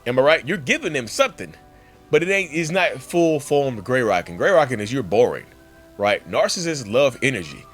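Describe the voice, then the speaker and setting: Guy ranting casually to his viewers, lively swooping voice, keeps saying y'all. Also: mid-range voice, normal speed, faint music behind. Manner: emphatic, repetitive, addresses viewers as y'all. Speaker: channel host. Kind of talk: casual monologue to camera.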